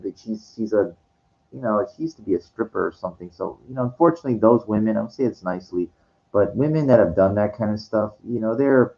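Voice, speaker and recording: A man telling a personal story in a casual monologue, halting and rambling, with many restarts, fillers and casual swearing. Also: fairly low pitch, mellow, highs cut off. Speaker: vlogger.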